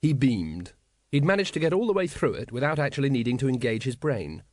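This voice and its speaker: A man narrating an audiobook in a wry, expressive way. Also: mid-range voice, fast talker, no room sound, clean studio sound.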